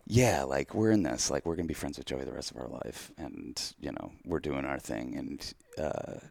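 A man's voice: rumbling low, moderate pace, vocal fry, a little mellow. A man co-hosting a podcast, talking candidly in a rambling, self-deprecating way. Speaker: podcast co-host. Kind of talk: casual chat.

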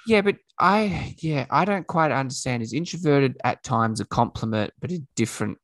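A man's voice: mid-range voice, animated, normal speed, no echo. A man co-hosting a podcast, chatting loosely about footy and slipping into mimicry when retelling what others said. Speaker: podcast co-host. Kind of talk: casual sports chat.

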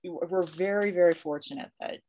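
A woman's voice: fairly low pitch, brisk, darkish tone. A woman being interviewed as a university professor, talking in a chatty, emotional way and laughing easily. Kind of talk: conversational interview.

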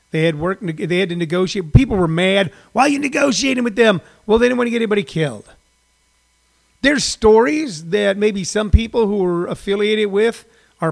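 Older guy, 60s, high voice, rambly comic livestream chat full of ums. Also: gravelly. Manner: rambling storyteller with many fillers and restarts. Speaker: comedian hosting a daily livestream. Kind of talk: casual rambling monologue.

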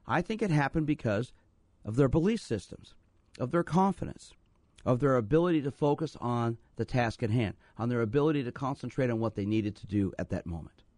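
A man's voice: mid-range voice, a little mellow, dry recording. A man hosting a call-in radio show as a sports psychologist, talking earnestly and telling stories to encourage listeners to call. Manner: earnest, storytelling, repeats phone number.

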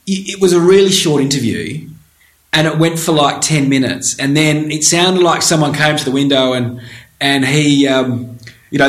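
A man's voice: fairly high pitch, a bit bright. A man co-hosting a podcast, chatting casually and enthusiastically. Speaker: podcast co-host. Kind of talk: casual chat. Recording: roomy echo.

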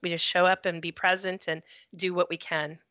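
A woman hosting an interview, speaking in a measured, affirming and reflective way. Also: lowish voice, little pitch movement, bright, forceful tone, no room sound. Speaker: podcast host. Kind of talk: conversational interview. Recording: dry, lo-fi close recording.

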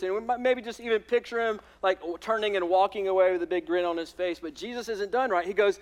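High-voiced pastor preaching emphatically. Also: male voice, a little fast, few pauses. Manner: emphatic, repeats words, says "listen" and "right?" often. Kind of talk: sermon. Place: church in front of a congregation.

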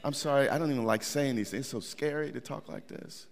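A man's voice: mid-range voice, fast, creaky. A middle-aged man preaching a sermon in a church, conversational, with repeated words and restarts. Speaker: pastor. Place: church sanctuary. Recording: long hall reverb.

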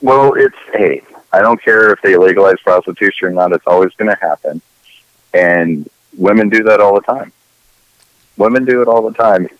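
A man's voice: fairly low pitch, moderate pace, no room sound, dull audio. A man co-hosting a casual talk show, rambling and opinionated with lots of profanity. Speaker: podcast co-host. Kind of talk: casual chat.

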